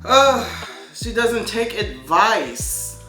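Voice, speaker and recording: A woman's voice: on the high side, sing-song, very slow, fairly bright tone. A woman co-hosting a podcast, giving dry, dismissive commentary. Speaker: podcast co-host. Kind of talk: casual commentary. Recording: echoey room, faint music.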